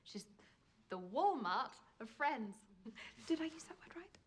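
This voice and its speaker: An actress playing a refined, eager-to-please socialite in a sitcom, with formal, polished phrasing. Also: female voice, sits high, sing-song, unhurried, husky, exaggerated voice. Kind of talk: sitcom acting.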